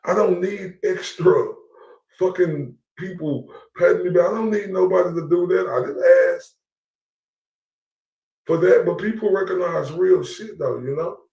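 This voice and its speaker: A man's voice: high-pitched, unhurried, gravelly, mellow, recorded from a distance, lo-fi sound. A man streaming live, ranting defiantly with profanity and repetition. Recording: echoey room, away from the mic.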